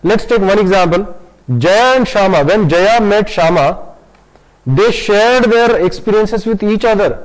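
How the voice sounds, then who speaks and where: A man gives an online grammar lesson in a fairly high voice. He talks in a halting way, full of "uh" and restarts, and slows down to stress key terms. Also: poor audio. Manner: hesitant, many fillers and restarts, switches into Hindi to explain. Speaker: English grammar teacher.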